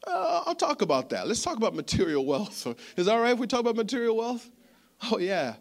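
A man preaching a sermon, telling a story in an animated, chatty way that often repeats words. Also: high voice, a little fast. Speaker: pastor.

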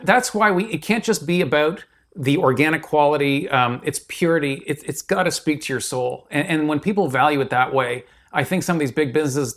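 A man's voice: on the high side, fairly bright tone. A man who is an author, a guest in a casual interview who speaks emphatically and restarts his sentences often.

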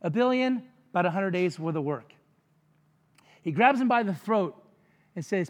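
High-voiced preacher in a reverberant hall. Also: male voice, expressive, moderate pace. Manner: conversational, jokey preaching with frequent asides. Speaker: pastor. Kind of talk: sermon.

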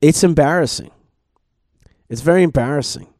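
A man's voice: a little high, normal speed, darkish tone, no echo, clean studio sound. A man, a rabbi and podcast host, giving a Torah teaching talk while thinking aloud with many restarts.

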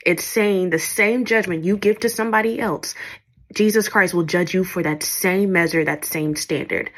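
Husky-voiced woman teaching scripture. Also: fairly low pitch, a bit bright. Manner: informal, checks in with "okay?". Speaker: Bible teacher. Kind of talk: podcast Bible teaching.

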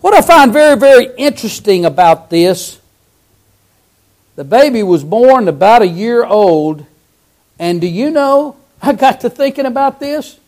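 A man preaching a sermon, fervent, swinging from loud cries to hushed lines. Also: very high voice.

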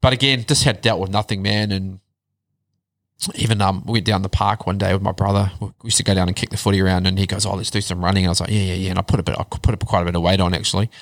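Man, low pitch, dry close sound, casual storytelling, blunt, swears a lot. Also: very fast, no echo. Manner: blunt, heavy swearing, animated retelling. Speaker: podcast guest.

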